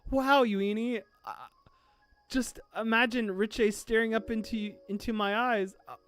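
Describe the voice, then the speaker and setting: A streamer reacting live to a manga chapter, gushing, swearing and squealing with excitement. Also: medium pitch, measured pace, smooth, faint music behind.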